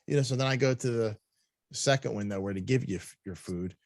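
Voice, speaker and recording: This co-host's voice is mid-range and gravelly, his delivery brisk, and the recording dry. Telling a loose story on the podcast, he curses liberally, laughs frequently, and imitates the people he quotes.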